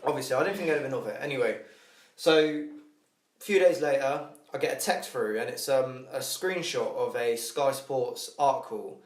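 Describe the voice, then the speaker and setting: A man's voice: medium pitch, moderate pace, slight background noise. A man co-hosting a podcast in casual chat, telling a rambling story, swearing a lot and laughing at himself. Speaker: podcast co-host. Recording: echoey room.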